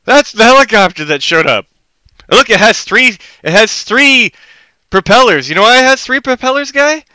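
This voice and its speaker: A man rambling on a solo live stream at home, jumping between loud outbursts and low muttering. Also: lively intonation, moderate pace, no echo.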